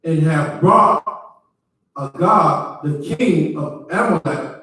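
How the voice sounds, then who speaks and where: A man in a class reading scripture aloud, slowly and carefully, in a formal manner. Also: fairly high pitch, expressive, bright, forceful tone. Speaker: student reader. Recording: distant voice in a very echoey room.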